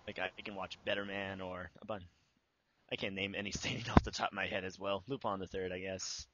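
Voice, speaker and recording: A man's voice: deep voice, flat delivery, fairly quick, highs cut off, very noisy. A young man answering interview questions about making his abridged series, casual and rambling with many fillers.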